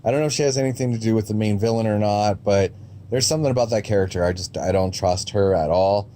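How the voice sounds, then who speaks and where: Mellow-voiced man rambling casually. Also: lowish voice, fast talker, a little hiss or hum. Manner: rambling, frequent ums and restarts; blunt, occasionally profane. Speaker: movie trailer reviewer.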